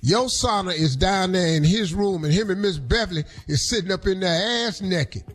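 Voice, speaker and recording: A man hosting a radio show, riffing in a loud, animated, jokey storytelling way. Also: sits high, moderate pace, soft background music. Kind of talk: comedic radio talk.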